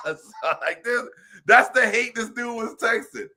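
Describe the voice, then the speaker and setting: A man talking football in a loose postgame podcast chat. His voice sits a bit high and rings bright and sharp. He tells stories with a laugh and bursts into other people's lines as he reenacts them. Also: normal speed. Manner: animated, laughing storyteller who acts out text exchanges. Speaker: sports podcast co-host. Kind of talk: casual postgame sports chat.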